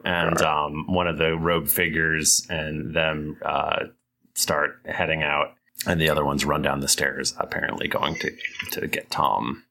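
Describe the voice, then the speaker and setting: A man narrating as game master of a tabletop game, in a halting style full of fillers. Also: very deep voice, level tone, vocal fry, sharp tone.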